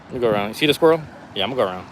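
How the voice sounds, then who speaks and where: A man talks into his phone while he walks a rainy city street on a live stream, drifting easily from thought to thought in relaxed slang. His voice sits at an ordinary pitch and sounds slightly worn. Faint street and traffic noise runs underneath. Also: racing. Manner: laid-back, rambling street talk with slang. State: losing his voice. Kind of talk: casual walking live stream. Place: outdoors on a city street in the rain.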